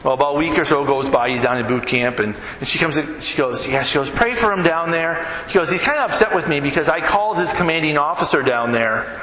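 A high-voiced man preaches in a bright, forceful tone that carries through a big echoing hall. He keeps it conversational and keeps checking in with the listeners, with faint room noise around him. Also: fast talker, few pauses. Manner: conversational, asks the listeners questions. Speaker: pastor. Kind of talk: sermon.

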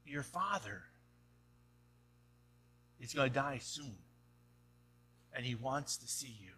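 Slow and animated, a man with a medium-pitched, pushed, bright voice preaches to his congregation over slight background noise. He talks in a conversational way, tossing in "right?" often, before climbing to emphatic urging.

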